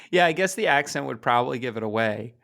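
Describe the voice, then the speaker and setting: A man's voice: medium pitch, creaky, sharp tone. Chatty man explaining a comic plot. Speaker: podcast co-host. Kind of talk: casual comic book discussion.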